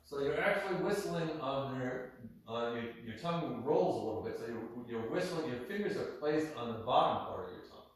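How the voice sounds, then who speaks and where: A man's voice: mid-range voice, expressive, a little fast. Matter-of-fact male teacher, echoey gym. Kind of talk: casual storytelling to students. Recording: echoey gym, distant mic.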